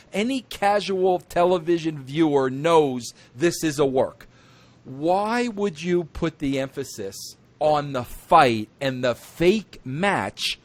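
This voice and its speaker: A man hosting an interview, talking in an emphatic, repetitive way that climbs into excited outbursts. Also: sits high. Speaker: interview host. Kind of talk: opinionated wrestling talk.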